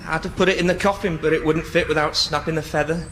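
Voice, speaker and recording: A man's voice: on the high side, fairly even intonation, fast, close to an everyday voice. A man playing a mournful old comic. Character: grieving old-school male comedian, earnest and dim. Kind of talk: radio sketch comedy. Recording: noisy radio recording.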